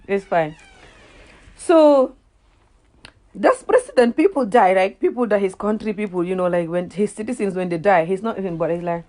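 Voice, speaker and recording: With a mellow, mid-range voice at normal speed, this Gambian woman, a native Wolof speaker, vents casually in a vlog-style reaction. She frequently laughs at herself and repeats words as she hunts for the right ones.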